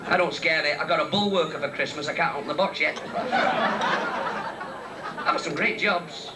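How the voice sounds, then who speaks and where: A man with a Salford accent doing stand-up comedy in a pub, rattling off one joke after another. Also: on the high side. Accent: Northern English, Salford. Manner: rapid-fire joke telling. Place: crowded pub function room. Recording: distant mic, live pub crowd.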